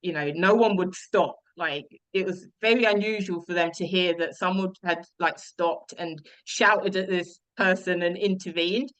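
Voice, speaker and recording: A woman's voice: fairly low pitch, normal speed, few pauses, a bit bright, rough recording. A young woman telling her personal story as an interview guest, earnest and reflective, with frequent restarts.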